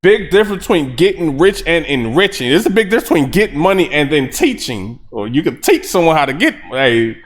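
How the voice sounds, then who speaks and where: A man reacting to a rap track, breaking down the lyrics line by line in a casual, excitable way with hype shouts. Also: fairly high pitch, brisk, hardly any pauses. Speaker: music reaction host.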